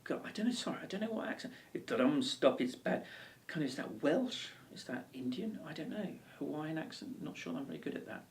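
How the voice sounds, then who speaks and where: Gravelly ukulele teacher. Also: male voice, a little high, expressive, fast, hardly any pauses, far from the mic. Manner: chatty, encouraging, with many ums and restarts. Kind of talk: casual video lesson and anecdote.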